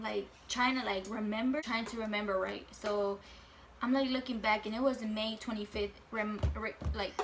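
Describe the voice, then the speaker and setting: A woman's voice: mid-range voice, a bit bright, slight background noise. A woman in her late teens telling a casual storytime at home, chatty and full of fillers, swearing freely. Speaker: vlogger.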